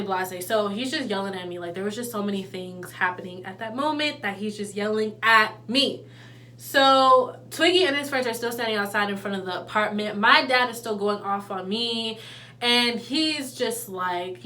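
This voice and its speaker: A young woman telling a personal story in a casual, slangy, animated way. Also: medium pitch, normal speed. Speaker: vlogger.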